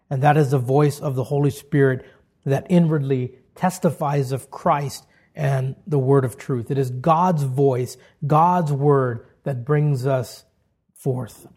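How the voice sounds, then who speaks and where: A man preaching a sermon, building to loud, emphatic peaks and dropping to hushed, slow lines. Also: medium pitch, husky. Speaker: pastor.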